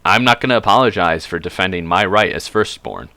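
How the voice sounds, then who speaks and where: A man's voice: sits low, brisk, bright, forceful tone, no echo. A man voicing a proud, hot-headed male elf prince who talks bluntly, swears and stays defiant.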